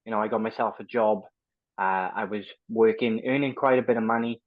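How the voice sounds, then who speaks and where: A man's voice: on the low side, fairly even intonation, brisk, no room sound, phone-quality sound. A man in his thirties, a guest telling his story in a plain, conversational way. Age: 30s. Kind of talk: casual storytelling interview.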